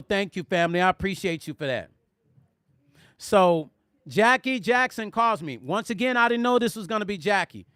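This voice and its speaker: A man hosting a music vlog, telling stories in an animated, conversational way and speaking directly to his viewers. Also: sits high, no room sound, clean studio sound. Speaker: music vlogger. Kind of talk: storytelling on a live stream.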